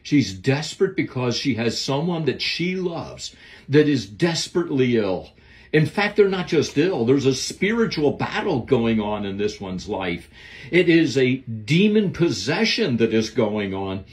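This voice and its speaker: Slow, earnest male Bible teacher. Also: mid-range voice, very animated. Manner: earnest, emphatic preaching. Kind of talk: devotional Bible lesson.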